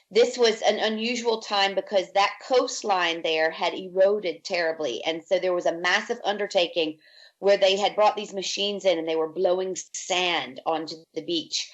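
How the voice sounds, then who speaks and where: A podcast guest from Virginia, she tells her life story unhurriedly in a lowish voice, lively and acting out quoted speech. The audio is dull.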